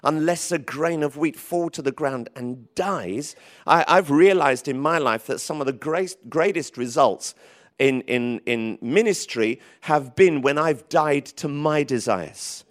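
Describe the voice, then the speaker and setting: A man preaching a sermon in church, lively and emphatic, with frequent restarts. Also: on the high side, measured pace. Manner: lively, rising to emphatic calls, with many restarts. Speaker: pastor.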